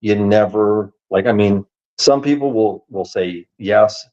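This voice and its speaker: A man hosting a paranormal investigation podcast in casual chat, talking over a video call and quick to laugh. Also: fairly low pitch, highs cut off. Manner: animated, laughs easily, rapid asides.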